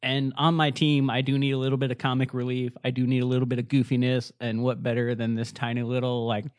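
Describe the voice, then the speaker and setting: A man co-hosting a podcast in casual chat. He talks with enthusiasm, full of fillers and quick restarts. The sound is close and dry, with no room around it. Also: mid-range voice, flat delivery, a little mellow, dry recording. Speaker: podcast co-host.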